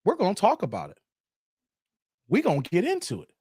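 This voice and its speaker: A man's voice: high-pitched, wildly swooping pitch, fairly quick, a little mellow, breathy edge, no room sound, clean studio sound. A man hosting a casual live stream, chatting loosely with viewers, answering their comments and often tossing in "man". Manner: brash and defiant toward critics.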